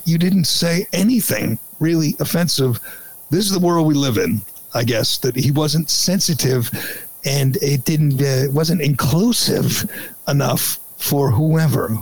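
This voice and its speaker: A man's voice: fairly high pitch, vocal fry, a little mellow, poor audio. A man hosting a podcast, giving sarcastic, incredulous opinion commentary in a ranting manner. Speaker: podcast host.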